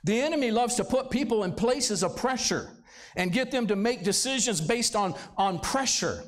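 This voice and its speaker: A man's voice: very high voice, expressive, normal speed. A male pastor preaching a sermon in a church service, talking conversationally and throwing rhetorical questions at the congregation. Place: church sanctuary, live service.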